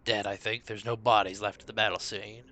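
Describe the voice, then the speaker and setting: A man's voice: on the low side, little pitch movement, brisk, bright, forceful tone, voice pushed down. A man voicing a half-orc adventurer in a blunt, matter-of-fact way. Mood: calm. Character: gruff half-orc adventurer, plain-spoken.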